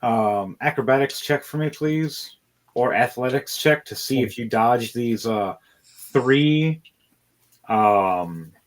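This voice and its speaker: A man's voice: medium pitch, expressive, slow. A man narrating as dungeon master, loose and rambling, with fillers and the odd curse. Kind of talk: narrating a tabletop game.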